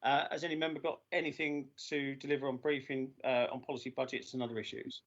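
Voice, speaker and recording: A man chairing a formal council meeting over a video call, halting with many filler sounds and losing his voice. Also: medium pitch, level tone. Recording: dull lo-fi video call audio.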